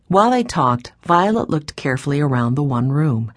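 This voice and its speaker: A woman narrating a children's audiobook with clear, expressive storytelling on a close mic. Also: sits low, fairly quick, hardly any pauses.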